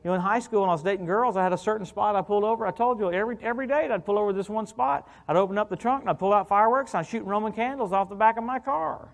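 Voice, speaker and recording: A middle-aged man preaching an evangelical sermon as a guest minister, animated and joking, often calling out "hallelujah" and "come on". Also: sits high, rapid-fire, creaky, few pauses.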